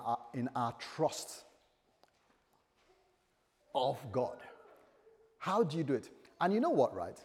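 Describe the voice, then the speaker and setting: A male pastor preaching a sermon in a conversational, animated way, acting out little dialogues. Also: medium pitch. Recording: long hall reverb.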